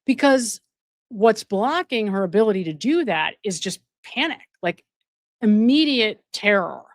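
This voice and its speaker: A woman's voice: on the high side, no echo, clean studio sound. A woman hosting a live stream. She reads out viewer donations and gives commentary, repeating phrases for emphasis. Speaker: host and addiction counselor.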